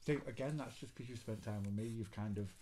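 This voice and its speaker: A man's voice: on the low side, fast talker, warm tone, slight background noise. A man chatting casually as a guest, with a dry, sarcastic sense of humour. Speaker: guest, friend of host. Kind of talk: casual chat.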